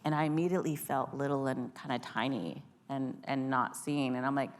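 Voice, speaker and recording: A woman in her forties telling stories on a convention panel, animated and acting out the voices in them. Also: rumbling low, fairly quick, few pauses. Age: 40s. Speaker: union panelist. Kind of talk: storytelling on a panel. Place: convention hall.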